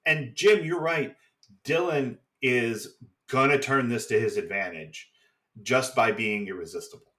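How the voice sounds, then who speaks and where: A man co-hosting a podcast, casually recapping a TV episode with swearing and quick mock voices of the characters. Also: medium pitch, sharp tone. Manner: swearing, chatty, acts out quick impressions. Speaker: podcast co-host.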